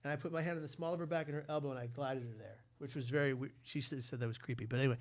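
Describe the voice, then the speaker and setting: A man from the United States, a podcast guest, telling a long story in a lively way and acting out the voices. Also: mid-range voice, dry recording. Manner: lively, acts out voices, quick asides. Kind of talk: animated storytelling in conversation.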